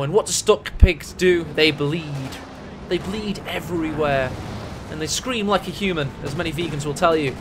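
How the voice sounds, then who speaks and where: A high-pitched man calls a strategy game match with jokey, excitable energy, his voice climbing into shouts at the big plays. Faint gunfire and engine sounds from the game run underneath. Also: noisy background. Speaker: game caster. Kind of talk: energetic esports commentary.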